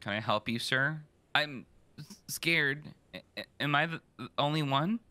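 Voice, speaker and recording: A man's voice: a little high, moderate pace, bright, forceful tone, no room sound. A man voicing a frightened, stammering tenant in a horror game. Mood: scared. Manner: stammering, nervous. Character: frightened tenant in a trash-filled building.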